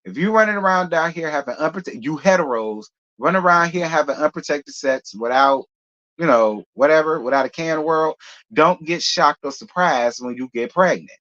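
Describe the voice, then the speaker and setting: Brief: opinionated gossip host, loose and rambling, mid pitch, lo-fi recording. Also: expressive, normal speed, a bit bright. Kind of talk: casual gossip commentary.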